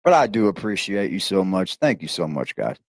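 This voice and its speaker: A man livestreaming while sick and low on energy, crude and slangy in his speech. His pitch swings widely, and the sound is dry. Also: sing-song, fairly quick, no echo. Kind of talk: livestream chat.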